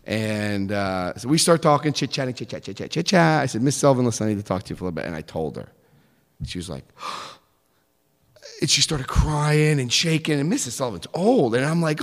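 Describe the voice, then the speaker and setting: A man telling a personal story in an animated way, acting out the voices of others. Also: medium pitch, normal speed, long reverb tail.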